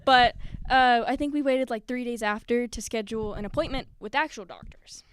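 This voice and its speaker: A nervous, giggly woman tells a personal story live on stage at a community event as a spoken word performer, acting out quotes with animation. Her voice is a little high and clean, at a normal speed.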